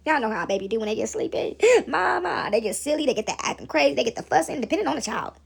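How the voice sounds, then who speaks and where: A woman's voice: fairly high pitch, lively intonation, fast, creaky, husky. A woman vlogger in a casual faith chat, rambling and preachy, talking straight to her viewers.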